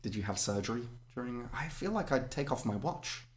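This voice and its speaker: A man's voice: mid-range voice, expressive, a little fast. A man co-hosting a podcast, chatting casually with dry humor and a few hesitations. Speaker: podcast co-host. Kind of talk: casual chat.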